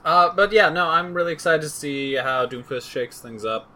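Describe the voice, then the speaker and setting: A man's voice: fairly high pitch, moderate pace, sharp tone. A man co-hosting a casual gaming podcast, going over update notes in a rambling, joking way. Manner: joking, rambling, self-deprecating. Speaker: podcast co-host. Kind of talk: casual chat reading game patch notes.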